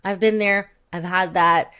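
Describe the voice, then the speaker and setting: A woman's voice: lowish voice, fairly even intonation, unhurried, pushed and bright, smooth. A young woman co-hosting a podcast, chatting casually in a rambling, self-deprecating way and laughing often. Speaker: podcast co-host. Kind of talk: casual chat.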